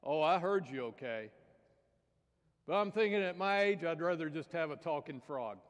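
Man playing a soft-spoken old fisherman, retired, low-key, hall echo. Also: expressive, normal speed, natural voice. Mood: dry. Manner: quiet, low-key, wondering. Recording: reverberant church hall.

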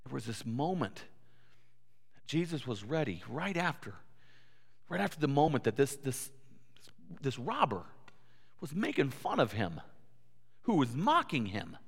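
Earnest pastor in a reverberant church. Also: male voice, mid-range voice, wildly swooping pitch, a little slow, vocal fry, pauses often, fairly bright tone, slightly rough. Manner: earnest, rising to emphatic peaks, repeats words. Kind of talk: sermon. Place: church sanctuary. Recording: long church hall reverb.

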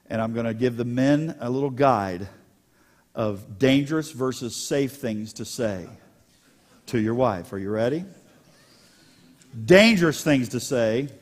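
A pastor preaching a sermon, animated and joking with his congregation. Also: mid-range voice. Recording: long hall reverb.

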